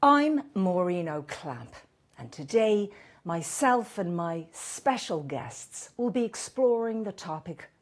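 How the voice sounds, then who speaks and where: A woman's voice: medium pitch, very animated, takes it slowly. A woman as a flustered, polite talk show host. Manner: polite, formal presenter patter, flustered stammering. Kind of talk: stand-up character comedy.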